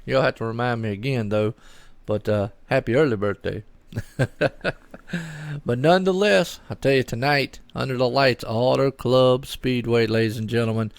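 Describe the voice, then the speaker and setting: A man's voice: mid-range voice, normal speed, gravelly, clear, resonant tone, no echo. A middle-aged man, doing solo live commentary on a sim race and chatting loosely with viewers. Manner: chatty, rambling, talks to chat viewers.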